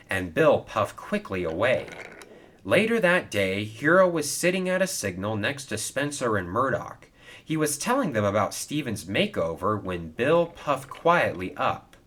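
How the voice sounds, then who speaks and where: Man, storyteller, scripted narration, animated, husky. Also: on the low side, measured pace.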